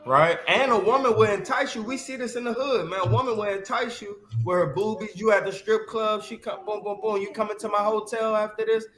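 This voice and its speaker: A man hosting a casual Bible discussion, slangy and animated, constantly checking in with "right?". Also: sits high, fairly quick, hardly any pauses, echoey room.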